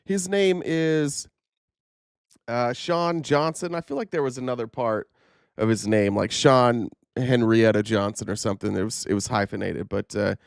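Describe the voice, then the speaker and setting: A man talks through the news in a loose, sarcastic ramble, filling gaps with fillers and mock voices. His voice sits at a middle pitch and is recorded close and dry, with no room sound. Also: normal speed, gravelly, clean tone, dry recording. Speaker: commentary host. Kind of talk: casual news commentary.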